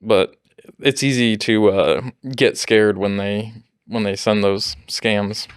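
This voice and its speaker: A man's voice: fairly low pitch, takes it slowly, clear, resonant tone, dry recording, clean studio sound. A man co-hosting a podcast in casual chat, explaining things at length and laughing often. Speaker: podcast co-host.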